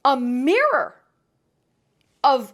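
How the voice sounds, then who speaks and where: Here a young woman delivers dating advice straight to camera in casual commentary, very slowly, in a high, very animated voice with a fairly bright tone. As a vlogger, she's emphatic and dramatic and drifts into quoted voices.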